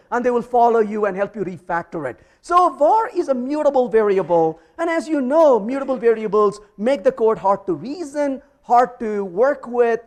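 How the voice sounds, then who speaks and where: Animated man giving a live coding talk. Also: very high voice, normal speed, hardly any pauses. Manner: energetic, emphatic, playful asides. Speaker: conference speaker teaching programming. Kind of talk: live technical presentation with code demo.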